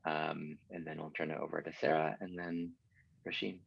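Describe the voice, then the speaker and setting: A man hosting an online meeting in a relaxed, halting way with fillers, heard over a video call. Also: rumbling low, creaky, breathy edge. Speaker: meeting host. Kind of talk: casual video-call chat. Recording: dull lo-fi call audio.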